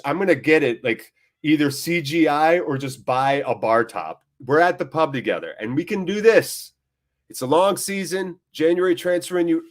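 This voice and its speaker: A man hosting a live football watchalong, chatting casually, joking, getting excited and reading out viewer comments. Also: medium pitch. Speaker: watchalong host.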